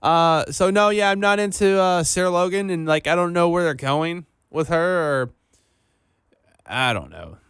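A young man co-hosting a casual wrestling podcast, talking in halting bits with many restarts. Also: high voice, animated, a bit bright, clean tone, no echo, clean studio sound. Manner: hesitant, lots of restarts and fillers. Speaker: podcast co-host.

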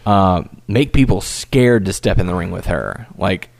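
A man's voice: low-pitched, unhurried, vocal fry, no echo. A man co-hosting a casual podcast about wrestling, talking animatedly and with some swearing. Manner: animated, profane, acts out quotes. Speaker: podcast co-host.

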